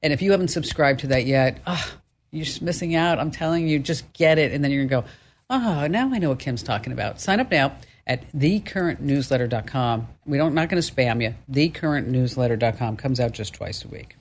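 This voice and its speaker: A woman hosting a call-in radio show, talking in an upbeat, chatty way with quick asides. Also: very deep voice, slight background noise. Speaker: radio talk show host.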